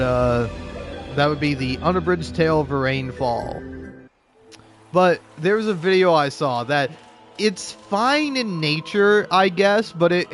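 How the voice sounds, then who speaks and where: A man talking in a rambling, casual commentary style, sarcastic and profane, laughing often between his points. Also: on the high side. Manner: rambling with frequent restarts. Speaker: gaming video creator.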